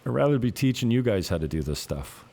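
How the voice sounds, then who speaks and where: A man's voice: mid-range voice, very animated, fast, vocal fry, dark tone, a little hiss or hum. A man in his fifties, a realtor hosting his own channel, chatting casually in a rambling, profane way and chuckling often. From Canada. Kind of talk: casual rambling vlog chat.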